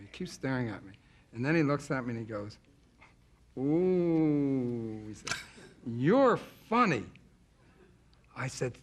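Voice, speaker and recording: A man's voice: fairly high pitch, fairly bright tone, slightly rough. A man telling jokes and stories on a television talk show, punchy, acting out the voices. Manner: punchy joke-telling with acted quotes. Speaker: stand-up comedian. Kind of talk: stand-up and talk show banter. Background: studio audience.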